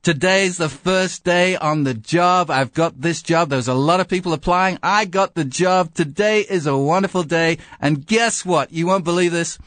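A man with an English accent voicing a brand-new male TV news presenter who gushes with excitement about his job. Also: a little high, moderate pace, few pauses, dry recording, pitched above the performer's own voice, close to an everyday voice. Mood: giddy. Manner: gushing, boastful, over-excited.

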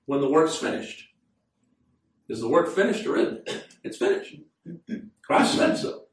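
A man preaching a sermon in an earnest voice that climbs into fervent emphasis. He slows right down to read scripture aloud. The recording is roomy and echoing, with the speaker standing well back from the microphone, as in a church sanctuary. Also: on the high side, sing-song. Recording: echoey room, mic at a distance.

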